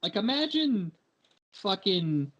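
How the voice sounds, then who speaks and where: A man's voice: high-pitched, big pitch swings, takes it slowly, fairly bright tone, dull audio. A young man co-hosting a casual sports podcast, ranting in exasperation and swearing constantly. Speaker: podcast co-host.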